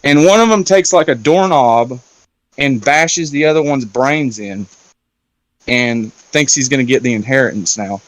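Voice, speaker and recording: A man's voice: mid-range voice, a little slow, no echo. A man in a casual round-table talk, loosely retelling a film plot with lots of fillers and swearing. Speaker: round-table discussion guest.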